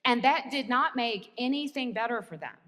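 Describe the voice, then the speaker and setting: A woman's voice: on the high side, animated, moderate pace, fairly bright tone. American woman pastor, sermon with wry self-mocking humor, long church-hall reverb.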